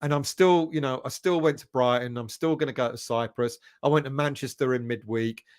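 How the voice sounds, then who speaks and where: A man's voice: medium pitch, a little fast, smooth. A man hosting a football fan live stream, casually chatting, reading viewer comments aloud and greeting them by name with a chuckle. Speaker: football fan channel host.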